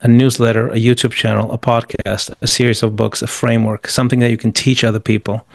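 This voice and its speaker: A man's voice: mid-range voice, little pitch movement, fast talker, vocal fry, no echo. A man answering interview questions with motivational business advice, emphatic and repeating words as he rattles off lists. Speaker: guest.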